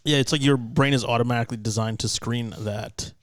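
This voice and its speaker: A man who is a guest on a podcast, in casual comedic chat, wry and thoughtful, often trailing off softly. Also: medium pitch, steady tone, a little fast, no echo, studio quality.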